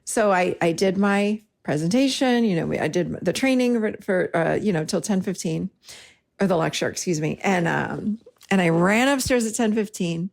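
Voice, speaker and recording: A middle-aged woman hosting a talk, telling a personal story in an animated way and acting out the dialogue. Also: lowish voice, moderate pace, gravelly. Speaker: host and therapist-style teacher.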